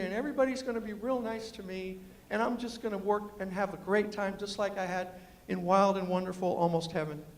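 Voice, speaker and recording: A man telling funny stories to an audience in a lively, animated way, with a New York accent softened by West Virginia, acting out quoted voices. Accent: New York with West Virginia influence. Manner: animated, acts out quoted voices with big pitch jumps. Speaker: storyteller and humorist giving a talk. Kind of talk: comic storytelling speech. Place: large lecture hall with audience. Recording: hall reverb.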